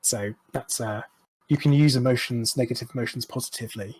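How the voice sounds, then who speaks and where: A man's voice: medium pitch, a little fast, a little mellow, breathy edge, poor audio. A man, speaking frankly and reflectively as a podcast guest, swearing now and then. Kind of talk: candid interview chat.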